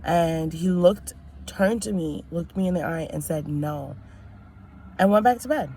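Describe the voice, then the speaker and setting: A woman's voice: fairly low pitch, unhurried, warm tone, slight background noise. A young woman telling a personal story in a casual vlog, chatty and rambling with many fillers and restarts. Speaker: vlogger.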